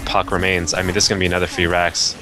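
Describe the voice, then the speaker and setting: A very deep-voiced man breaks down a video game match at a quick clip, his tone bright and forward. He speaks casually and analytically, with a faint hiss of noise behind him. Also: completely flat delivery, soft background music. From Canada. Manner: analytical, casual, many fillers like I mean and like. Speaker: esports color commentator.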